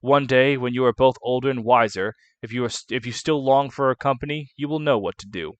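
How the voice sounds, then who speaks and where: A man voicing a kindly noble knight who mentors a young man, read in a measured, earnest way. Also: mid-range voice, dry recording, lo-fi sound, close to an everyday voice.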